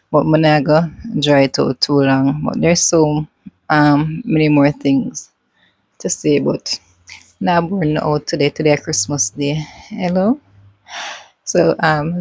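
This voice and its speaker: A Jamaican woman vlogging in a relaxed, unhurried way. She has a somewhat low, mellow voice and drifts into patois as she chats. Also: vocal fry, rough recording. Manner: relaxed, mixes patois into chat. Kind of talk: casual vlog chat.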